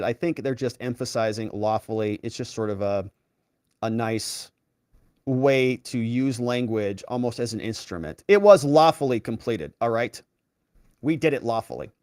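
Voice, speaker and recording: A man hosting a livestream, chatting casually as he reads out viewer messages and gives shout-outs. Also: medium pitch, no room sound, clean studio sound. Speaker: livestream host.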